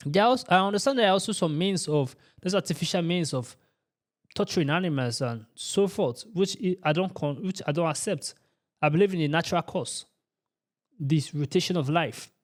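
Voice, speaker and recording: A man's voice: on the high side, a little fast. A man hosting a reaction channel, giving emphatic, repetitive ranting commentary. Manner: emphatic and repetitive, asks "you understand?".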